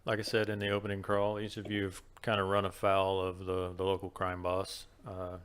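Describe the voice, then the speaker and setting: Quiet flat-voiced man as game master. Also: fairly quick, clear, resonant tone. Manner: low-key, quiet. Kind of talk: quiet tabletop narration. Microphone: online voice call.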